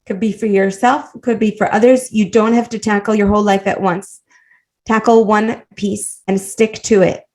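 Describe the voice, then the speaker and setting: A woman coach teaching a live online class over a video call, animated and warm, laughing often as she encourages her students. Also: medium pitch, normal speed. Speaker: women's life coach and teacher.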